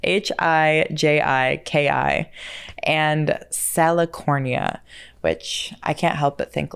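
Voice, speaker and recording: Low-voiced chatty woman podcaster. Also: slow pace, clear, resonant tone. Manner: chatty and self-deprecating, stumbles over words and laughs at herself. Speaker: podcast host. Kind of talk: casual solo podcast chat.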